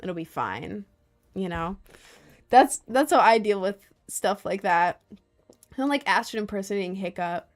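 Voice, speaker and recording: A young woman streamer chats casually with her viewers and reads their messages aloud. She rambles, fills her sentences with filler words and laughs often. Her voice sits at an ordinary, mid-range pitch. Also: moderate pace.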